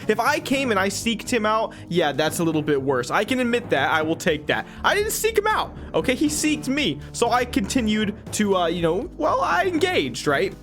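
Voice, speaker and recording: A young man giving rambling, animated gameplay commentary as a YouTuber, talking straight to his viewers. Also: high-pitched. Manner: animated, rambling, addresses viewers as guys and dude. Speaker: gaming YouTuber.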